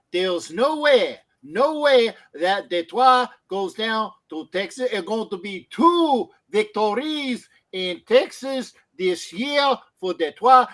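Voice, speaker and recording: A man putting on a boastful football fan with a mock foreign accent, tossing in Spanish and French words for laughs. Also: high voice. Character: brash adult male Detroit fan with a put-on foreign accent. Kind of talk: comic bit on a sports show.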